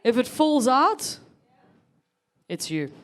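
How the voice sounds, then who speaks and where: A woman's voice: high voice, big pitch swings, slow pace, fairly bright tone. A South African woman in her thirties performing a chatty stand-up set, teasing the audience. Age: 30s. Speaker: stand-up comedian.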